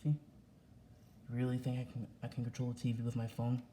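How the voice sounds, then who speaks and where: A man's voice: mid-range voice, monotone, brisk, dark tone, slight background noise. A young man ranting casually to his camera at home, repeating himself and swearing as he talks. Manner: repetitive, agitated, swearing. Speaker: vlogger. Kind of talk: casual vlog rant. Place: home indoors.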